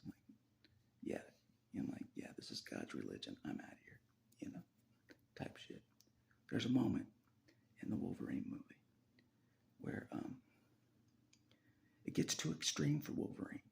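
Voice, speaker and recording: A man in a rambling personal monologue, profane and repetitive, often dropping into a gravelly half-whisper and laughing between lines. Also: fairly low pitch.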